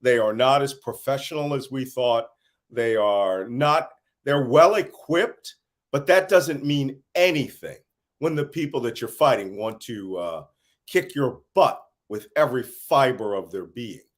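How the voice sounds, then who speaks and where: Speaking at a measured pace with an ordinary middle pitch, a worn-out middle-aged American intelligence analyst is interviewed about a conflict. He delivers his points as lively stories, chuckling now and then.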